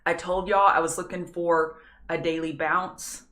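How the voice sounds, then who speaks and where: A woman's voice: fairly low pitch, flat delivery, a little slow, a bit bright. A woman hosting a live trading stream, chatty and self-deprecating with scattered asides. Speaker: trading show host. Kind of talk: live market analysis stream.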